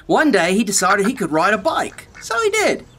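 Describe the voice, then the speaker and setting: A woman reading children's picture books aloud in a slow, animated way, adding her own asides. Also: medium pitch, a little hiss or hum. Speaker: storybook reader.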